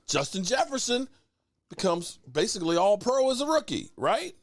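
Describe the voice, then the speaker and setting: A man hosting a live sports talk stream, teasing and greeting chat viewers by name in an animated way. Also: very high voice, normal speed. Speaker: sports show host.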